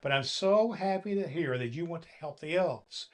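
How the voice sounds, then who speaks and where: Gentle storyteller man, slightly high voice. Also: lively intonation. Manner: gentle, unhurried storybook reading to children. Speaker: storyteller playing Santa Claus. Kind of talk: reading a children's story aloud.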